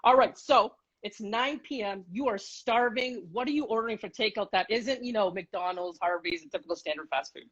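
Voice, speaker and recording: A man's voice: high voice, moderate pace, few pauses, a bit bright, dull audio. A man interviewing a guest for a city blog over a video call, chatty, upbeat and openly fanboyish.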